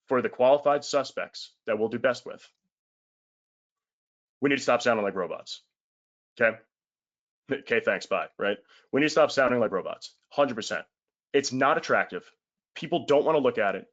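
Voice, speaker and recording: A man's voice: mid-range voice, dull audio. A man giving a casual webinar sales talk, blunt and emphatic, in colloquial words with the odd swear.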